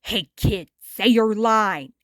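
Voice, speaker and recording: Woman playing a gruff older male cartoon fish, bossy showbiz manner, lowered deeper voice, dry close sound. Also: slow, fairly bright tone, no room sound.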